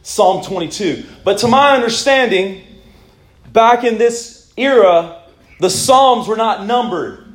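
A man's voice: high voice, lively intonation, slow, roomy sound. A man preaching a sermon, reading scripture aloud with dramatic rises and drops in his delivery. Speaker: pastor.

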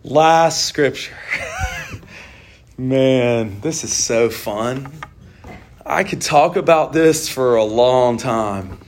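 A middle-aged man preaching a casual, animated sermon, joking and talking to his listeners like friends. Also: mid-range voice, extremely slow, pauses often. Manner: animated, jokey, conversational with laughs and asides.

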